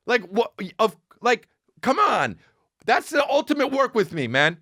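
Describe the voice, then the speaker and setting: Brief: male podcast host spinning a crude, animated anecdote, very expressive pitch, dead-dry studio mic. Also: a little slow, no room sound. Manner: profane, animated, rising to a high excited pitch as the story builds. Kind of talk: comedic storytelling monologue.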